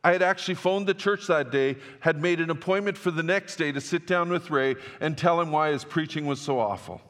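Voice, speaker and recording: A man's voice: fairly high pitch, fairly quick, fairly bright tone. A man preaching a sermon as pastor, telling stories in a loose, conversational way with restarts. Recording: long church-hall reverb.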